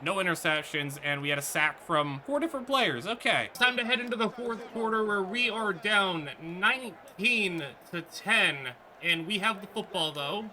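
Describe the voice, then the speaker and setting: A man giving excitable let's-play commentary on a football video game, reacting aloud to each play. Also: high voice, moderate pace. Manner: excitable, talks back to the game. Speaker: gaming YouTuber.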